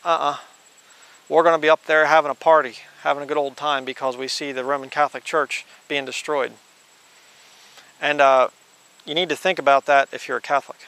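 A male preacher slowly reading scripture aloud, then adding blunt conversational asides. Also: medium pitch, little pitch movement, pushed and bright. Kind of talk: informal Bible teaching.

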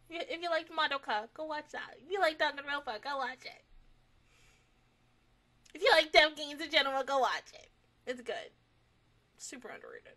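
A woman's voice: high voice, expressive, moderate pace, pauses often, pushed and bright. A young adult woman giving casual anime reaction commentary, talking affectionately to the characters on screen.

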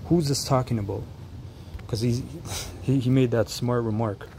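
A man giving reaction commentary on a street preaching clip, stumbling and restarting as he explains, then reading Bible verses slowly and deliberately. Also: medium pitch, creaky, dark tone, slight background noise, rough recording.

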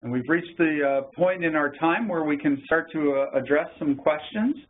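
A man moderating a webinar, announcing upcoming sessions and reading out questions in a halting way with many fillers. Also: fairly high pitch. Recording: tinny phone-like line.

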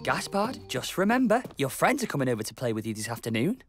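A woman voicing a gentle rabbit mother who speaks calmly and reassuringly. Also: extremely low pitch, quick pace, music in the background. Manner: calm, reassuring.

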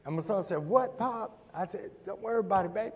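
A middle-aged man preaching a sermon, telling a story and acting out the dialogue before building to shouts. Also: high-pitched, quick pace, breathy edge. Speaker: pastor. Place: church sanctuary. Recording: church hall with long reverb.

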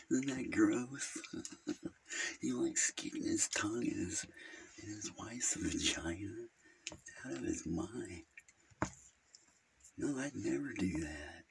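A man's voice: lowish voice, animated, slow pace, vocal fry, long pauses, noisy background, full character voice. A man playing a rambling, gossipy male Jehovah's Witness who halts, hums and giggles at his own crude jokes in an improvised comedy monologue.

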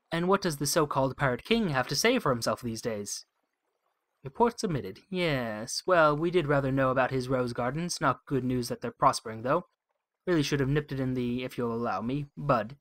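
A man's voice: mid-range voice, animated, moderate pace, pauses often, fairly bright tone, no room sound. Wry musing let's play man. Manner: musing, wry, thinks aloud with many hmms. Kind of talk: game playthrough commentary, reading text aloud.

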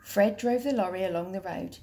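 A woman teacher reading a children's picture book aloud in a clear, steady, gentle voice. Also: medium pitch, brisk, slight background noise.

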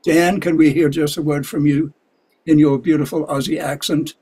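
A man's voice: a little high, little pitch movement, moderate pace, a little mellow, breathy edge. A man apologetically but firmly cutting in on a video call to keep to time.

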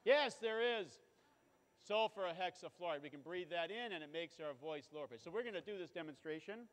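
A man with a high, light voice explains things to a live audience in a relaxed, playful way. His voice rings out in an echoey hall with a long reverb tail. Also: a little fast. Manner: casual explanatory, playful asides. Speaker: physics show presenter. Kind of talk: live science demonstration talk.

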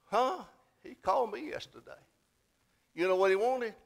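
A man delivers a church sermon. He has a high voice and swings from folksy storytelling to emphatic, repeated exhortations. He sounds like a pastor speaking from the pulpit in a sanctuary. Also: moderate pace, gravelly.

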